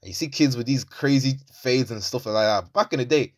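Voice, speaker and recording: A young man co-hosting a casual chat, telling stories in an animated, slangy way. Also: mid-range voice, fairly quick. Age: young adult. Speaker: podcast co-host.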